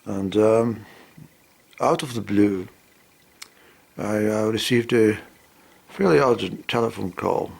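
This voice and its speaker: A man's voice: fairly low pitch, slow pace, creaky, pauses often, darkish tone, slightly rough. A man telling a meandering story and acting out both sides of the conversation. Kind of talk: rambling spoken anecdote.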